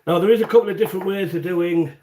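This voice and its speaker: A man's voice: sits high, very fast, dark tone. A man hosting a casual home cooking livestream, chatting and explaining each step in a rambling way. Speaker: home cooking channel host. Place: home kitchen.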